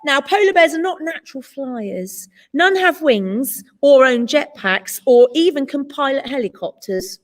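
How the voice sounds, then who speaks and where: A woman teacher with a British accent reading a picture book aloud in an expressive storytelling voice, adding asides to her listeners. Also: high-pitched, unhurried, few pauses, in a large hall. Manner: animated, adds asides to listeners.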